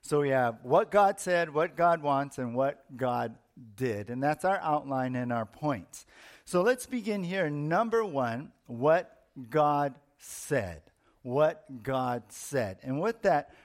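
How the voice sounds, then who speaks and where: A man's voice: fairly high pitch, animated, unhurried. A middle-aged man, a pastor, preaching a sermon in an explanatory teaching manner, repeating his points for emphasis.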